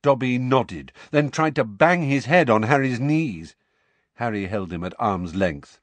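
A man narrating an audiobook in an expressive, measured storytelling manner. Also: mid-range voice, no echo. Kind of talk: scripted narration.

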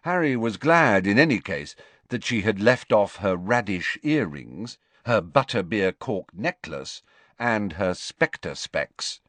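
Very expressive male audiobook narrator. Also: lowish voice, slow, no room sound. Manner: expressive storytelling. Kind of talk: scripted narration.

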